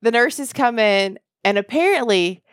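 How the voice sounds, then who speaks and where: A young woman co-hosting a podcast, a lively storyteller who acts out quotes and laughs often. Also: on the high side, measured pace, clean tone, dry recording, clean studio sound. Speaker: podcast co-host. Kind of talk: casual chat.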